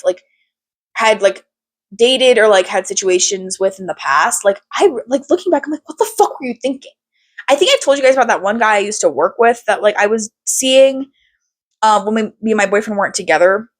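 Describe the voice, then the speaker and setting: Young woman podcast host rambling, candid and animated, swears a lot, lots of likes and ums. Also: medium pitch. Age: young adult. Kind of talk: casual chat.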